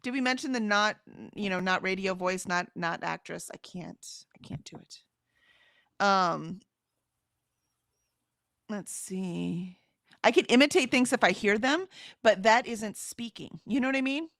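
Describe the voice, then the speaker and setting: A woman's voice: medium pitch, a little slow, creaky, long pauses, a bit bright, dry recording, clean studio sound. A woman co-hosting a casual livestream, reading chat comments aloud and chatting, often laughing and trailing off mid-sentence.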